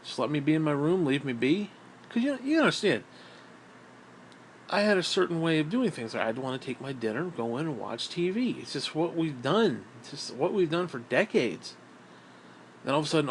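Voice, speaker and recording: A man's voice: on the high side, sing-song, normal speed, a little hiss or hum. A middle-aged man in a casual monologue, ranting in a bitter, profane, rambling way. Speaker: vlogger.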